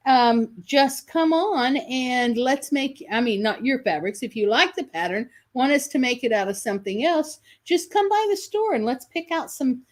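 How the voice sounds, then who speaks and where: A woman hosting a live sales video for quilt kits, chatty and enthusiastic, often correcting herself mid-sentence. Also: high voice. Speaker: shop host selling quilt kits.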